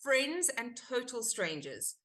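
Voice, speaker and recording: A woman, an actor guest, chatting in an interview and telling stories with lively acted-out quotes. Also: fairly high pitch, slow. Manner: animated storytelling, acts out quoted exchanges. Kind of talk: casual interview chat.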